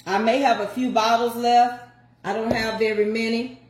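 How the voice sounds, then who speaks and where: An older woman walks viewers through a home recipe, chatting in a folksy, casual way. Her voice is a little high and level in tone, at a normal speed, with a roomy sound.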